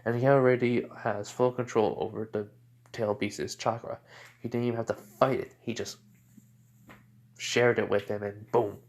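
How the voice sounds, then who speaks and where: A man voicing a proud, relaxed adult ninja father in a fan-made story retelling, in nearly his own voice. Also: fairly low pitch, normal speed, close to an everyday voice. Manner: relaxed, boastful, plain retelling.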